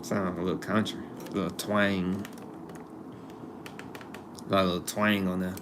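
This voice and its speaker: A low-sitting male voice with a level tone and a slightly slow pace hosts a casual live stream against background noise. He rambles off topic in a relaxed, conversational manner and says things more than once for emphasis.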